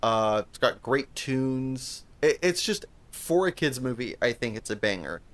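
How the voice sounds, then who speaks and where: Unhurried and expressive, his medium-pitched voice carries a slightly bright quality. As a podcast co-host, he chats informally about a movie, meandering, cursing freely, and restarting often.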